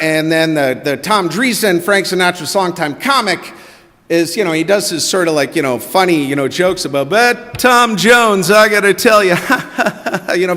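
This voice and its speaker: Storyteller: middle-aged man, bright high voice, lively delivery, church hall reverb. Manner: animated, quotes people in their own voices. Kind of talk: personal story told to a congregation. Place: church sanctuary.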